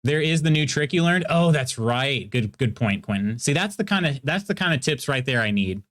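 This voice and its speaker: A man with a Midwestern American accent holds a relaxed, rambling conversation with his chat between stretches of gameplay. He talks at an easy, middling pitch, laughs often, and answers each viewer's message as it comes in. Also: normal speed. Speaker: streamer. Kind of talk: casual chat with viewers while gaming.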